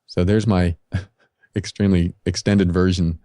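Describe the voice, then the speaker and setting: Earnest middle-aged man, low mellow voice. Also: little pitch movement, measured pace, dry recording, studio quality. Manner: earnest, confessional, advice-giving. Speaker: podcast guest. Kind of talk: candid personal storytelling. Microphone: podcast microphone.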